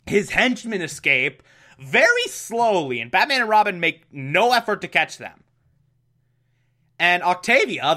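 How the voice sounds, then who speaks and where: A man recaps a TV episode with slow, unhurried delivery and a wry, amused tone. His voice is bright and a little high for a man.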